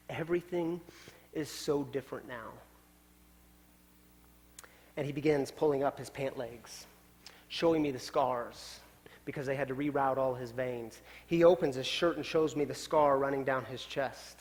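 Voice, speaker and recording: Pastor preaching with dramatic hushes. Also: male voice, mid-range voice, steady tone, normal speed. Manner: dramatic shifts from loud to hushed. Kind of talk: storytelling sermon. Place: church sanctuary. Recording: long church hall reverb.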